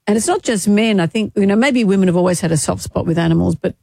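A radio co-host in her sixties, grieving and close to tears, talking in a halting, emotional way with many restarts. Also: medium pitch, vocal fry, dark tone, no echo. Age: 60s. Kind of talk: casual radio chat.

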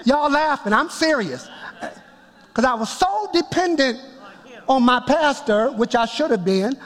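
A man preaching a sermon, telling his story with emphatic build-ups that rise toward shouts. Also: extremely high pitch, animated, measured pace. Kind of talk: sermon testimony. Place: church sanctuary before a congregation. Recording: long reverb of a large hall.

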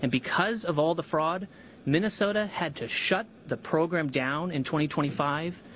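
A man from the United States, a government official, reading a formal prepared statement at a press conference in a measured, deliberate way with pauses for emphasis. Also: fairly high pitch, a bit bright, a little hiss or hum.

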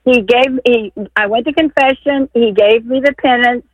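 Texas lady calling into a radio show, all excited and emotional, um-ing a lot, thin tinny phone sound. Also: on the high side, moderate pace, no echo. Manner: eager and emotional, storytelling with many fillers. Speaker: caller. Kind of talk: call-in radio chat. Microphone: telephone.

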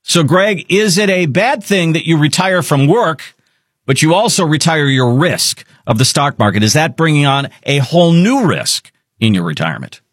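Lively, husky male radio host. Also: a little high, normal speed, no echo, clean studio sound. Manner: upbeat, salesy, lively delivery. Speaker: financial radio show host. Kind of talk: talk radio with promotional read.

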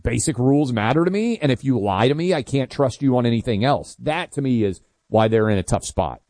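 A man's voice: mid-range voice, animated, a little mellow, dry recording, studio quality. Brash male talk radio host. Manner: brash, quick, joking. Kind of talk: casual talk radio banter. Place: radio studio.

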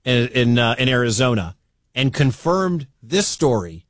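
A man from the American Midwest hosting a sports talk radio show, talking in an animated, incredulous way with quick asides. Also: medium pitch, no room sound. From Midwestern United States.

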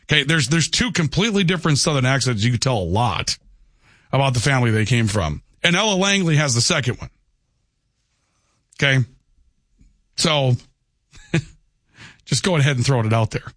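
A man's voice: medium pitch, expressive, normal speed, pauses often, fairly bright tone, no echo. A talkative male radio host holding forth in a close, dry studio sound. He rambles from point to point with firm opinions and keeps tagging his sentences with "okay?". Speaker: radio talk show host. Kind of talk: casual call-in radio talk. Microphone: studio microphone.

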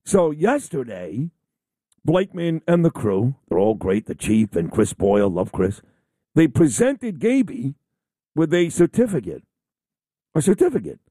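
Lively, mellow-voiced talk radio man. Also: on the high side, no room sound. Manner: boastful, rambling storyteller. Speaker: radio talk show host. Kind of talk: casual on-air chat.

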